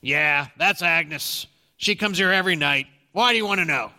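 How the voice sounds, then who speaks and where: A man's voice: fairly high pitch, normal speed, pushed and bright. A man voicing a big, blunt male diner cook who speaks in short bursts.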